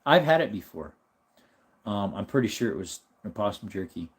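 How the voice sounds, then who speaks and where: A man's voice: on the low side, moderate pace. Man, American, live stream host, casual chat, laughs often. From United States. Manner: relaxed, chatty, reads chat aloud and laughs often.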